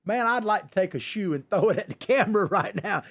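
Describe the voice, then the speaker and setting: A man's voice: high voice, animated, brisk. A male host delivering a sarcastic political commentary monologue, ranting and chuckling as he goes. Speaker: talk show host.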